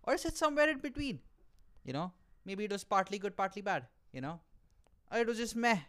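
A young man talks straight into his camera in a loose, comic monologue. His pitch leaps about, and his voice stays smooth and clear. He curses freely and jokes at his own expense. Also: a little fast. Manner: animated and profane, with self-mocking jokes. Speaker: podcast host. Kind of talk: solo comedic podcast monologue. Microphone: camera mic.

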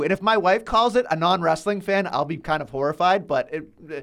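A man's voice: high-pitched, animated, brisk, gravelly, a bit bright. A man co-hosting a casual wrestling podcast, blunt and exasperated, swearing constantly. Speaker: podcast co-host.

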